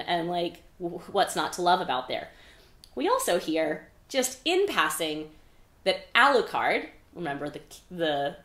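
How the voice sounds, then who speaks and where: Chatty, low-voiced woman recapping a book. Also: a bit bright. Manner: chatty, swears casually, lots of "like". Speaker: podcast host. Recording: echoey room.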